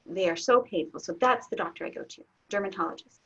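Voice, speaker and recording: A middle-aged woman, a guest in an interview, telling a personal story candidly, laughing often and getting suddenly loud. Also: mid-range voice, quick pace. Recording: dull lo-fi audio.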